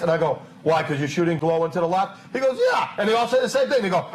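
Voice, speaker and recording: High-voiced man telling animated stories. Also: rapid-fire, few pauses. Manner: animated storyteller, acts out quoted people. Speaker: live stream host. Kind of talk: casual storytelling chat.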